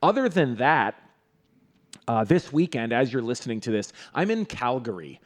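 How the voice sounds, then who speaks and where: A man's voice: medium pitch, very animated, moderate pace. A man, a comedian co-hosting a casual podcast, joking and rambling with plenty of fillers as he lists his upcoming shows. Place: studio room in a comedy theater.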